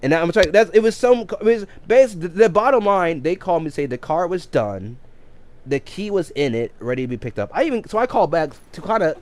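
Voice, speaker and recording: A man's voice: fairly high pitch, sing-song, a little fast, a little mellow. A man casually telling a long story on a game livestream, rambling with many restarts and self-corrections. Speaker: game streamer.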